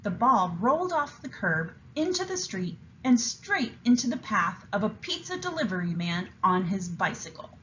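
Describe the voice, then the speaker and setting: A woman's voice: medium pitch, moderate pace, few pauses, muffled recording, a little hiss or hum. Enthusiastic woman teacher reading aloud. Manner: enthusiastic, expressive storyteller.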